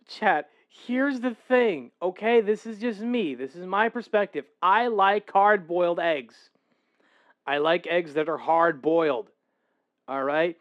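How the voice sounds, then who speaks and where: A man's voice: a little high, unhurried. A man streaming casually for his viewers, rambling, correcting himself and laughing as he reacts to a video.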